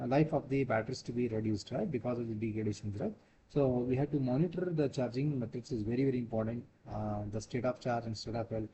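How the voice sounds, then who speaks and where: Fast-talking lecturer, man. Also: medium pitch, dark tone, a little hiss or hum. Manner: repetitive, asks "right?" after each point. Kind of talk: classroom lecture.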